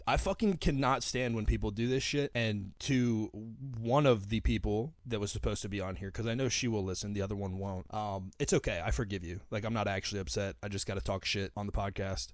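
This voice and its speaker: A man's voice: on the low side, no echo, clean studio sound. A young man hosting his own podcast, talking alone in a casual, profane, ranting way. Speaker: podcast host. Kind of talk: solo podcast monologue.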